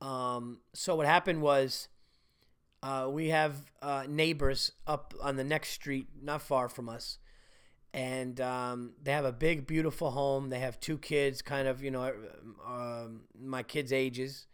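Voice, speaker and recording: A man's voice: mid-range voice, steady tone, takes it slowly, a bit bright, clear, resonant tone. A middle-aged man hosting a podcast, telling profane, self-mocking stories in a rambling casual monologue. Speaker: podcast host.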